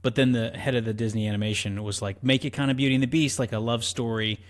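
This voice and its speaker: A man co-hosting a movie podcast, talking casually and acting out what people said. His voice sits at a medium pitch, and he tells his stories in an animated way. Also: quick pace. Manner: animated storyteller, acts out quotes. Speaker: podcast co-host. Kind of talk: casual chat.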